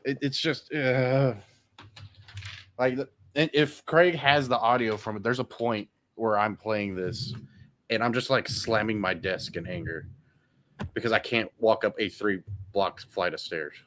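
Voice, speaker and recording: A man's voice: lowish voice, fairly even intonation, unhurried, a bit bright, a little hiss or hum. A man guesting as co-host, rambling and self-deprecating as he gripes about games. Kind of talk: casual podcast chat.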